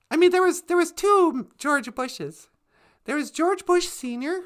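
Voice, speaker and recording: A woman's voice: extremely high pitch, expressive, unhurried. A woman hosting a casual comedic live stream, playful and giggly.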